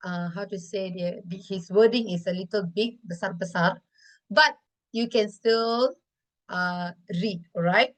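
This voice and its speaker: Bright slow-talking woman teacher. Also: medium pitch, low-quality recording. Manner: switches between English and Malay, many fillers and okays. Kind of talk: classroom lesson, reviewing student comics. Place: classroom.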